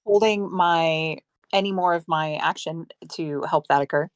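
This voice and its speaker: A woman's voice: low-pitched, steady tone, moderate pace, dry recording. A woman playing a tabletop game, arguing her reasoning casually with fillers. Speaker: player.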